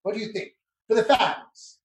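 A man's voice: high-pitched, steady tone, normal speed, roomy sound, a little hiss or hum. A man on a video call, talking in a prissy, theatrical and genteel way, as in a comic bit. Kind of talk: comic affected chat.

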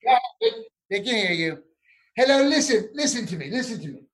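A man's voice: very high voice, sing-song, fairly quick, a bit bright. Man, prissy, theatrical, genteel, video call, roomy echo. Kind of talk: comic affected chat.

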